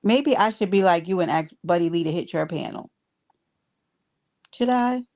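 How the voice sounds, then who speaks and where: A woman's voice: on the low side, expressive, moderate pace, a little mellow. A woman hosting a casual livestream, talking bluntly to her viewers with exasperation and free cursing. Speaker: livestream host reading chat.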